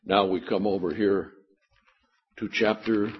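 A man's voice: lowish voice, fairly even intonation, measured pace, slightly rough. A man preaching a Bible teaching sermon, emphatic and given to sarcastic rhetorical questions. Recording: dull lo-fi recording.

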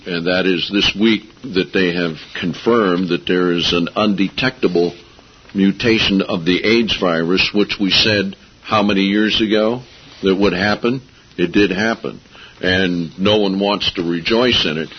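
A man's voice: low voice, husky. A man preaching a sermon, talking casually with sarcasm and rising into emphatic outbursts. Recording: dull lo-fi audio.

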